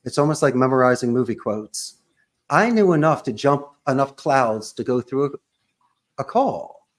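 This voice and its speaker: Speaking animatedly and unhurriedly in a medium-pitched voice, a man who owns a call center guests on a podcast. His punchy, emphatic interview talk is loaded with sports and pop-culture references.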